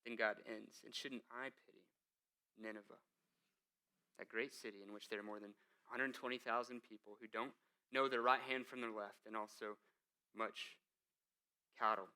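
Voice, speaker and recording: A man preaching a sermon as the church's pastor, in a conversational style with asides, moving between hushed and emphatic delivery. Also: lowish voice, steady tone, normal speed, pauses often, smooth. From United States.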